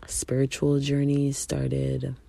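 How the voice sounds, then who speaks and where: A young woman hosting a casual solo podcast, speaking candidly, swearing freely and acting out quoted people with big jumps in pitch. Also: monotone, slow, gravelly, dark tone, no room sound. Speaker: podcast host.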